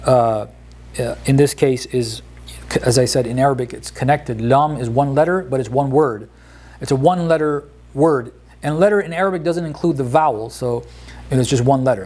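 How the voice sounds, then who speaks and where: A man teaching a relaxed lesson on Quranic Arabic grammar, explaining word by word with frequent pauses and restarts. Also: mid-range voice. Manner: explanatory, hesitant, many fillers and restarts.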